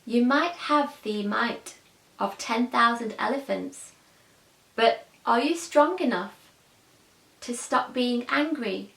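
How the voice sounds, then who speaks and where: A woman voicing a frail, gently teasing old man who speaks mildly and slowly, in an echoey room. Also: fairly high pitch, gravelly, far from the mic, exaggerated voice. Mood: mildly chiding. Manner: mild, drawn-out, teasing.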